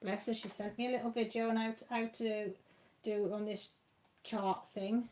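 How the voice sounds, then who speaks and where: A woman's voice: on the high side, little pitch movement, moderate pace, darkish tone. A woman chatting casually to viewers by name on a crafting live stream at home, rambling from one thing to the next.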